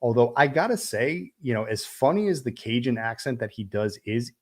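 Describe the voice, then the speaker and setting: A man's voice: mid-range voice, animated, normal speed. A man hosting a live stream, chatting casually about a film, rambling with many fillers and restarts. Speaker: livestream host reviewing a film. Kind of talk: casual livestream chat.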